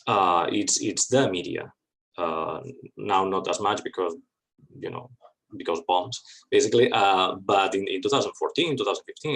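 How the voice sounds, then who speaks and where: A man takes questions after giving a talk. His voice sits a little low, and he answers in a lively, wry way. He often trips over his words and restarts. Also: creaky, low-quality recording. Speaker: guest speaker. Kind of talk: academic talk Q&A.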